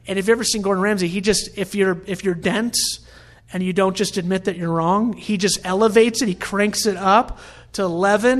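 A man's voice: high-pitched, fairly even intonation, normal speed. A middle-aged man preaching a sermon in a conversational, storytelling way. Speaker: pastor.

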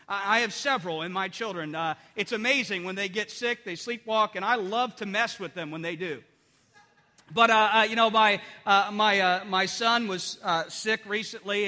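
In a church sanctuary, a middle-aged pastor preaches an earnest, conversational sermon, often restarting his phrases. His voice is high-pitched, bright and forceful, and the recording has a long hall reverb.

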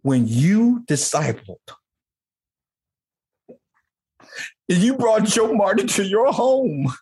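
Man, guest testimony: husky voice, fervent preacher-like delivery, pitch swinging widely. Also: very animated, very slow, a little mellow. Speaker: podcast guest. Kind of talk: emotional personal testimony.

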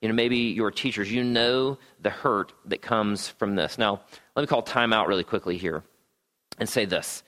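A man's voice: lowish voice, moderate pace, fairly bright tone. A man preaching a sermon to a room in a conversational way, often checking in with "right?" and adding wry asides. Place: church gathering room.

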